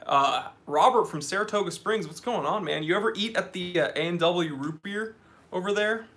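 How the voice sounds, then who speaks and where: Bright-voiced man hosting a chatty live stream. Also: sits high, normal speed. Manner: reads out viewer names and comments, chatty and joking. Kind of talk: casual live stream chat. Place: office.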